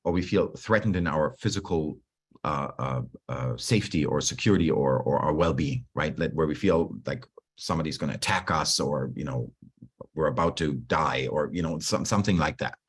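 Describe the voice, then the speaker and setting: A man coaching a group on stress in a relaxed, conversational way over a video call, often restarting his sentences and acting out his own inner dialogue. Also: very deep voice, moderate pace, slightly rough. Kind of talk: online talk on stress.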